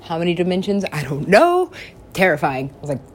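Giggly lady rambling stories, swears a ton, voice jumps way up when she quotes herself, lowish voice. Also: animated, fairly quick, a little mellow, a little hiss or hum. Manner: giggly, swears a lot, acts out her own quotes with big pitch swings. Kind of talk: rambling casual storytelling.

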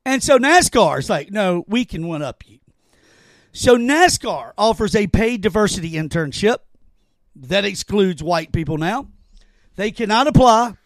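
Excitable high-voiced man, very animated. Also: moderate pace, no echo. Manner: animated, excitable, stammers when making a point. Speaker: podcast host. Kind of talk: casual chat.

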